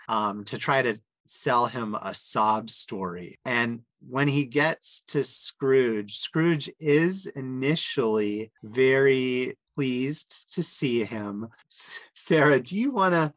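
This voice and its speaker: A man's voice: medium pitch, fairly bright tone, no echo, rough recording. A man hosting a casual chat, retelling a comic story with enthusiasm and asking his co-hosts for their takes. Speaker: podcast host.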